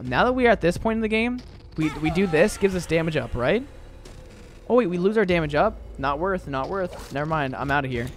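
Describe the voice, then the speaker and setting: Young male streamer, loose and chatty with plenty of fillers; voice a bit high, soft music under it. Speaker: game streamer. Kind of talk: casual live-stream chat.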